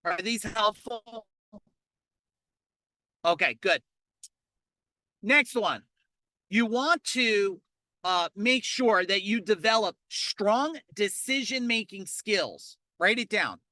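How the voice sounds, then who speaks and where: Energetic man coaching live, forceful voice. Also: high-pitched, dry recording. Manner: energetic, fast, repeats key points, asks the audience to respond. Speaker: business coach leading an online challenge. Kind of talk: live motivational webinar coaching. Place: outdoors in a parking lot.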